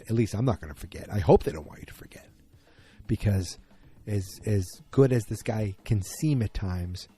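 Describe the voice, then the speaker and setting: A man with a husky, mellow voice talks through a solo podcast recap, rambling and opinionated, stopping and restarting often. Faint music sits underneath. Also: fairly low pitch. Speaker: podcast host.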